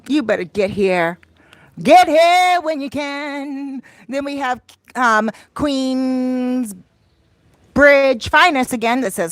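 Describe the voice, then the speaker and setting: A woman's voice: sits high, expressive, slow, no room sound. A woman with an American accent, hosting a live stream in a playful, laughing manner, reading chat comments aloud.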